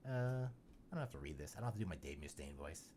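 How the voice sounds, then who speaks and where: A man's voice: extremely low pitch, expressive, fast talker, mellow, slight background noise. A man hosting a podcast in casual chat, rambling and joking with lots of "you know" fillers. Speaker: podcast host.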